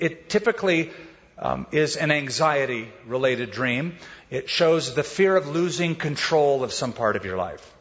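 A man's voice: fairly high pitch, fairly bright tone. Man preaching in an echoing hall. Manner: conversational storytelling, varies pace. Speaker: pastor. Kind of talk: sermon. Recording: dull sound with long hall reverb.

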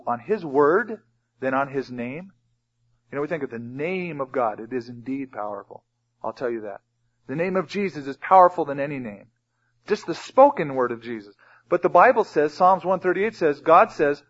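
A man preaching a sermon as pastor, emphatic and reading scripture aloud. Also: mid-range voice. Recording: dull lo-fi recording.

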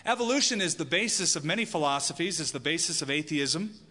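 A man's voice: fairly high pitch, lively intonation, quick pace, pushed and bright. A man preaching a sermon to a congregation as pastor, emphatic and asking the listeners questions. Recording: long hall reverb.

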